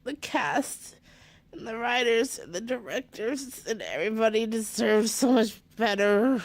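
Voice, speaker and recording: A woman book vlogger chatting casually to her phone, gushing and rambling, swinging between giddy excitement and near tears. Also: fairly high pitch, a little slow. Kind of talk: casual fan vlog chat.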